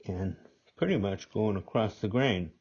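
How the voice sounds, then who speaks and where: Slow-talking older man with a deep voice. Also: a little mellow, slightly rough. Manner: slow, rambling, repeats himself. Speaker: gunsmithing instructor. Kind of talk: workshop demonstration. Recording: dull lo-fi audio.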